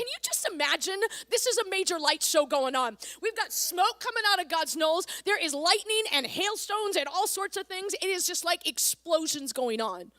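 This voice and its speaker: Bright high-voiced woman preaching. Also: no echo, clean studio sound. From Canada. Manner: energetic, emphatic preaching with slow dramatic scripture reading. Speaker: pastor. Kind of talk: sermon.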